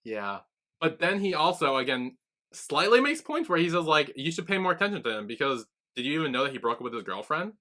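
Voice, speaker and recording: A man's voice: fairly high pitch, sing-song, fairly quick, pushed and bright. A man co-hosting a podcast, casually retelling scenes and acting out the characters' lines with frequent laughs. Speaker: podcast co-host. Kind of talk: casual recap chat.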